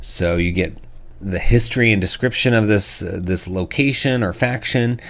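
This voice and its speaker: A man's voice: on the low side, moderate pace, a bit bright. A man hosting a casual review of tabletop game books, talking hesitantly with many fillers and restarts.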